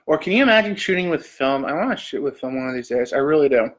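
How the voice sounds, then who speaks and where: A man's voice: medium pitch, expressive, fast, a bit bright. A man from Canada hosting a casual live stream, reading search questions aloud and joking back answers. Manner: reads questions aloud then jokes back. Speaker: livestream host.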